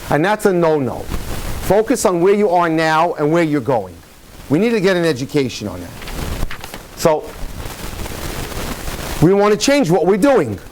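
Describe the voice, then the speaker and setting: Animated storytelling rabbi. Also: male voice, a little high, a little hiss or hum. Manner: animated storytelling, speeds up and slows down. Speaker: rabbi lecturer. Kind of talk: lecture with jokes and stories.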